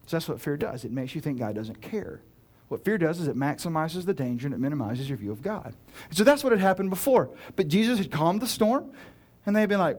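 A man preaching with a slightly high voice, easygoing and playful as he walks through the passage. He throws in jokes and quick asides, swings between loud bursts and hushed lines, and keeps the tone conversational rather than formal. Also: very animated. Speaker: pastor. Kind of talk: sermon.

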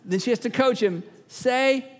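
Man, pastor, sermon, emphatic, repeats key lines, high voice, long hall reverb. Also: expressive, normal speed. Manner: emphatic, repeats key phrases, acts out little scenes.

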